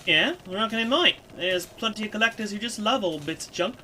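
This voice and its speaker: A woman reading aloud gives voice to a brash young thief girl in a story game. She talks bluntly with rough slang and a cocky edge, in a bright, lifted voice. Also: mid-range voice, lively intonation, brisk, a little hiss or hum, voice pushed up. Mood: defensive.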